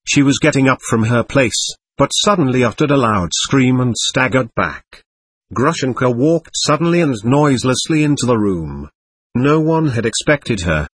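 A man narrating a novel as an audiobook, with a measured, expressive reading. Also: mid-range voice, husky, dry recording.

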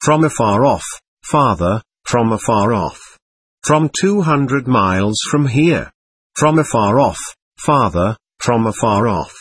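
A man voicing a thin, worn peasant mother who laments her dead son in a slow sing-song, within an audiobook reading. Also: medium pitch, sing-song, fairly bright tone, husky, no room sound, heavily acted. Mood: lamenting.

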